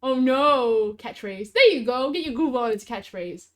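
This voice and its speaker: Bubbly high-voiced woman streamer. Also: lively intonation, moderate pace. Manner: bubbly, giggly, talks to chat. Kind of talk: casual live-stream chat.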